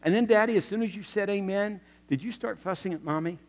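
A man doing a soft, earnest little girl. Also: high voice, quick pace, long reverb tail. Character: young girl, honest and questioning.

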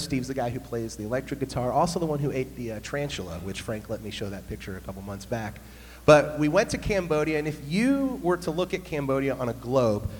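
A man, a pastor, telling a humorous story in an animated sermon. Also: medium pitch. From United States. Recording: long hall reverb, faint hum.

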